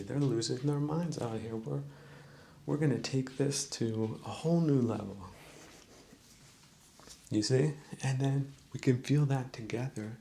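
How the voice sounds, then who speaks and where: A man hosting a podcast, musing in a slow, preachy mock-sermon monologue with a gravelly voice. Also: medium pitch, a little mellow, slight background noise. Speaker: podcast host. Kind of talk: rambling comedic monologue.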